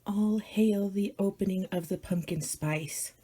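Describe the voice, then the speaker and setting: A woman doing a whispered role-play as a spooky herald of autumn, hushed and theatrical. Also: medium pitch, unhurried, husky.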